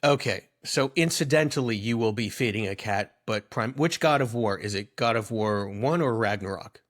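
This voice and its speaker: A man's voice: on the low side, moderate pace. A young man co-hosting a podcast in casual comedic chat, teasing his friend and rambling into jokey asides. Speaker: podcast co-host.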